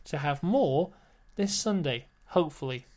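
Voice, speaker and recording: A man's voice: a little high, lively intonation, unhurried, darkish tone. A man co-hosting a casual wrestling podcast, recapping matches bluntly and joking with his co-host. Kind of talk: casual chat.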